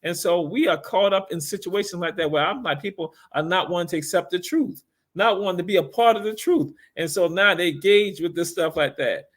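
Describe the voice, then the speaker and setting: A man hosting a livestream talk, his voice pitched high for a man. He talks in an emphatic, preachy way, hammering points home by repeating them. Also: brisk. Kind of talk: casual call-in style talk.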